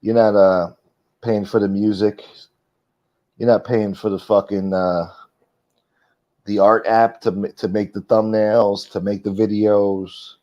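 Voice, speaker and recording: A man's voice: on the low side, flat delivery, a little slow, pauses often. A man hosting his own livestream, talking casually in a defensive, profane rant aimed at his critics. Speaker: livestream host. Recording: dull lo-fi stream audio.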